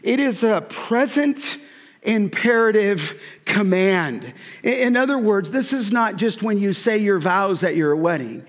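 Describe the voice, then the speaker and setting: A man with a high-pitched voice delivers an earnest, emphatic sermon, pressing his points and sometimes restarting mid-sentence. His voice rings out with the long reverb of a large church hall. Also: expressive, a little slow. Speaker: pastor.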